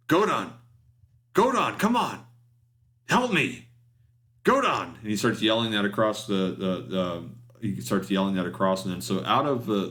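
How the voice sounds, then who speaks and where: A man's voice: low voice, fairly bright tone. A man running a tabletop game as game master, narrating with frequent hesitations and restarts. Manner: hesitant, full of ums and restarts.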